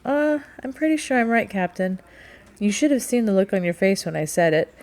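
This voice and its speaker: A woman's voice: medium pitch, animated, fairly quick, darkish tone, natural voice. A woman reading the part of an outspoken young woman who questions in a precise, analytical way. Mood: probing.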